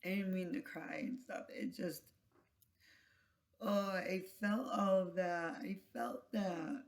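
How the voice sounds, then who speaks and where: A vlogger retelling a story in a soft, halting, emotional way, with trailing phrases and whispered asides. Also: medium pitch, vocal fry. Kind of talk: casual spoken vlog retelling.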